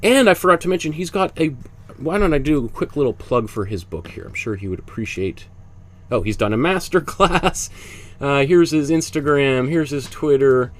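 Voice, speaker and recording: A man's voice: on the high side, expressive, moderate pace. A man with a cold teaching a painting class. He talks in a chatty way and explains each step as he works. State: congested with a cold. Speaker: art instructor. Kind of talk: casual painting demonstration.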